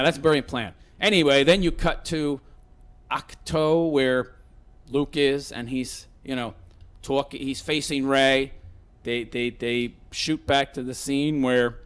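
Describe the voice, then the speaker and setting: A man's voice: mid-range voice, fairly bright tone, smooth. A man giving a sarcastic, rambling movie rant, full of fillers and restarts. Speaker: film reviewer.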